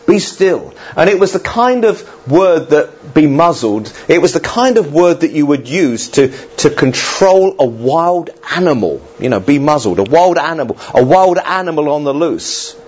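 A man preaches to his congregation in a chatty, animated way, his pitch rising and falling freely as he makes his points. His voice is husky. The church recording sounds dull and lo-fi. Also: normal speed, few pauses. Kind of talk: sermon.

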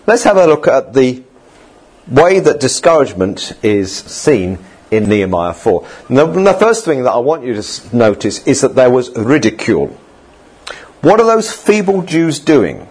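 A man preaches in an easygoing, conversational way. His voice is slightly husky, and his pitch sits in a middle range. Now and then he slips into quoted voices to make a point. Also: big pitch swings, moderate pace, a little mellow. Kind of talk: sermon.

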